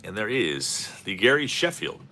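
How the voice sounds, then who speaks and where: Guy ripping card packs and rambling, low voice that bounces all over, jokey commentary. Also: big pitch swings, normal speed, pushed and bright, a little hiss or hum. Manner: rambling and jokey, calling out player names. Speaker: host of a card-opening channel. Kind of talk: casual commentary while opening packs.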